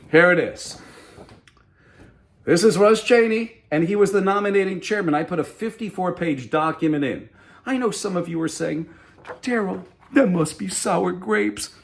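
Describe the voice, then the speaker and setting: Middle-aged man, CEO, protest vlog, indignant, slightly high voice, very lively pitch. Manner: emphatic and indignant, addresses viewers directly. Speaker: company CEO. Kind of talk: direct-to-camera protest vlog.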